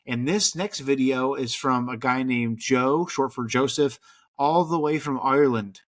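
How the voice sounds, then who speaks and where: A man's voice: mid-range voice, a little slow. Rambling casual male podcast host. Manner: relaxed, rambling with many fillers. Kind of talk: casual chat.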